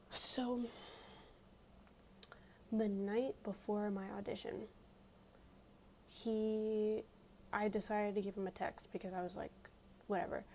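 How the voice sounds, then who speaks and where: Whispering young woman, gravelly and dark. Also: mid-range voice, fairly even intonation, normal speed, long pauses, a little hiss or hum. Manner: chatty, frequent fillers. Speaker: ASMR creator. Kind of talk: whispered ASMR storytime.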